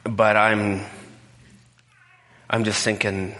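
A man's voice: lowish voice, measured pace, pushed and bright, long reverb tail. A male pastor preaching a conversational sermon, telling a personal story in a candid, emotional way.

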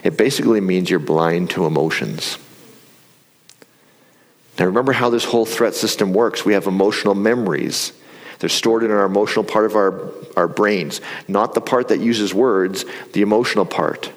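A man preaching a sermon in a conversational, animated storytelling way. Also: lowish voice, normal speed. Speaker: pastor. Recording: reverberant hall.

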